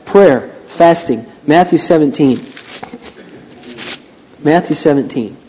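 A man pastor preaching a sermon, emphatic and repeating phrases, building to loud preaching. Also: on the high side, slow, a little hiss or hum. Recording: long hall reverb.

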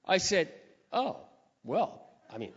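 An older man preacher telling a personal story in a sermon, acting out his prayers and phone calls with lively emotion. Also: slow, slightly rough. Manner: animated storyteller, acting out his own prayers with rising pitch. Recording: dull reverberant hall sound.

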